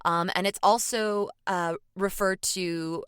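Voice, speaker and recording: A young woman with a bright, mid-pitched voice explains myths on a casual podcast. She sounds nerdy and enthusiastic and fills pauses with "uh." The mic is close and dry. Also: fairly even intonation, clear, resonant tone, no room sound. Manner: nerdy, enthusiastic, many "uh" fillers, laughs easily. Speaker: podcast co-host.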